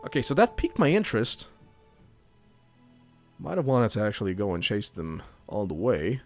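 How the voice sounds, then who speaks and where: A man's voice: on the low side, sing-song, moderate pace, soft background music. A man giving casual let's play commentary, chatty and thinking aloud while he plays. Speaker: gaming youtuber.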